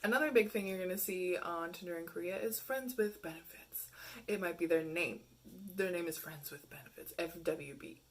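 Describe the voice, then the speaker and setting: A woman's voice: mid-range voice, slight background noise. A young woman vlogging casually, telling frank, profane stories and mocking messages with bursts of laughter. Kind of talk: casual storytelling to camera.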